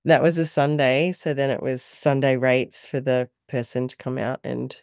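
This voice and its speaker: A woman's voice: extremely low pitch, moderate pace, no room sound, clean studio sound. Chatty Australian woman telling stories. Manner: animated, chatty, laughs often while telling stories. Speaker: guest, mother and carer. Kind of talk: casual storytelling interview.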